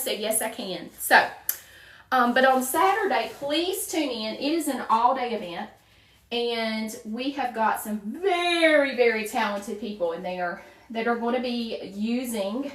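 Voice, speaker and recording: Chatty Southern woman, a bit high. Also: fairly bright tone. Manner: chatty, upbeat, talks straight to viewers. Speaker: crafting livestream host. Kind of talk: casual live chat while working. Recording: roomy, mic at a distance.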